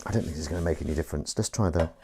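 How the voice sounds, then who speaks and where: In a very noisy recording, a man with a rumbling low voice talks very fast to his livestream viewers. He grumbles and swears in a casual chat while scrubbing pans at his kitchen sink.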